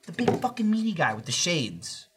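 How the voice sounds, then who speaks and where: A man in a casual podcast chat, talking in a lively, playfully ranting way and swearing freely. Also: sits high, normal speed, background noise.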